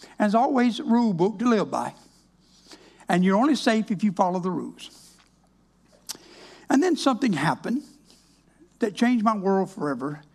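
A man's voice: high-pitched, big pitch swings, normal speed, vocal fry, pauses often, darkish tone. An older man, a minister giving a folksy, plainspoken, wry personal testimony.

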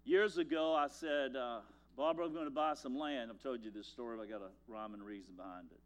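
An older pastor preaches a sermon, telling folksy stories and moving between loud lines and hushed ones. His voice is mid-range and his delivery brisk.

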